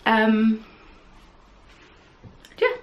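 A woman's voice: on the high side, expressive, extremely slow, muffled recording. A woman hosting a podcast, chatting casually and rambling with self-deprecating asides, recorded at home on camera. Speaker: podcast host. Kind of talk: casual chat.

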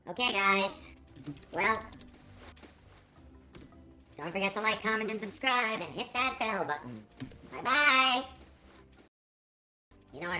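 A woman's voice: medium pitch, sharp tone, low-quality recording. A woman hosting a let's play, commenting with theatrical, melodramatic mock outrage. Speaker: gaming channel host.

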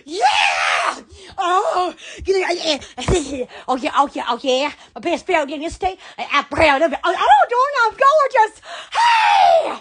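A woman's voice: very high voice, wildly swooping pitch, unhurried, fairly bright tone, shouting. A woman hosting a live stream, hyper and giddy, full of squeals, laughing and exclamations. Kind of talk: excited live-stream chat.

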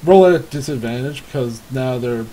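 A man's voice: mid-range voice, moderate pace, dark tone, slight background noise, rough recording. A man running a tabletop game as game master, casual and laughing often.

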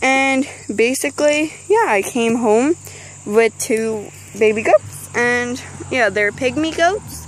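A woman's voice: fairly high pitch, expressive, slow, poor audio. A teenage girl chatting casually outdoors beside an animal pen, rambling with frequent ums. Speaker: vlogger. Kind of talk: casual chat.

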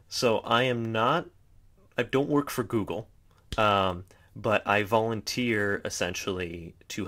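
A young man vlogging unscripted, chatty and self-mocking, often trailing off into quiet mutters. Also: lowish voice, measured pace. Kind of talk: unscripted rambling vlog.

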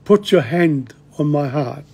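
A man, explaining song lyrics in a language lesson, slow and halting, often repeating words. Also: on the high side, expressive, creaky, dark tone, slightly rough. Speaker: language teacher.

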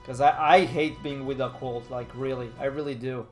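A man's voice: medium pitch, steady tone, normal speed, soft background music. A young man chatting casually on a live stream, rambling and laid-back, still a little nasal from a cold. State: slightly nasal from a fading cold.

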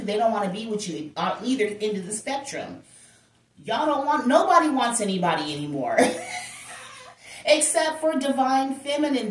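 A woman giving a casual tarot reading, talking straight to her viewers in an emphatic, chatty way. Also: medium pitch. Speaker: tarot reader. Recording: roomy echo, distant from the mic.

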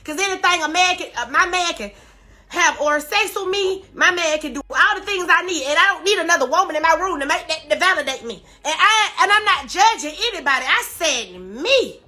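A woman pours out an emotional livestream rant while crying, her high voice bright and edged. She repeats emphatic, defensive denials again and again. Faint music plays behind her. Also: animated, brisk. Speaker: social media personality on a live stream.

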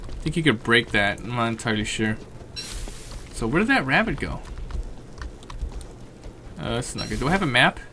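A man doing let's play commentary, excitable and swearing at enemies, then thinking aloud about his plans. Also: mid-range voice, normal speed, long pauses, slight background noise. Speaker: gaming commentator.

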